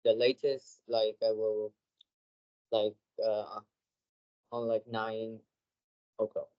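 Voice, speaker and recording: A teenage boy from Vietnam speaks slowly and haltingly, searching for his English words and leaning on fillers as he answers. The audio is dull and lo-fi, like a call recording. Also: fairly low pitch, completely flat delivery, clean tone. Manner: hesitant, halting, many fillers. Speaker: student.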